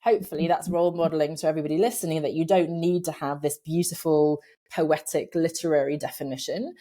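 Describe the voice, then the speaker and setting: A middle-aged woman being interviewed from her home office, talking in a lively, animated way, laughing often and acting out voices in her head. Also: sits low, fast talker. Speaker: podcast guest, career coach. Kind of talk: casual conversational interview.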